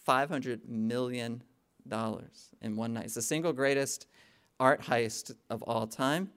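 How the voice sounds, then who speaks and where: A man's voice: mid-range voice, steady tone, unhurried, fairly bright tone, smooth. Man preaching with emphatic rises. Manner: conversational preaching, rising to emphatic peaks; frequent "okay?" check-ins with the congregation. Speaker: pastor. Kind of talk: sermon.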